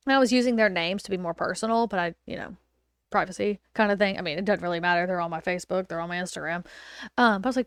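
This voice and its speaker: A woman podcast host and wedding photographer telling a story in a chatty, animated way, with lots of fillers and acted-out quotes. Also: mid-range voice, brisk, pauses often, dry recording, studio quality. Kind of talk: casual storytelling chat. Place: home.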